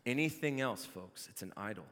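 Animated male pastor preaching in a hall. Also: medium pitch, fairly quick. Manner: animated, builds to shouting in jokes. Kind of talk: sermon. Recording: long hall reverb.

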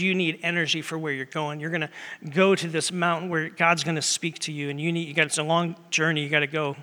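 A man preaching a sermon as pastor, earnest and conversational, dropping to a hush at times and rising loud at others. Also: on the high side. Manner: conversational and earnest, shifting between loud and hushed. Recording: long hall reverb.

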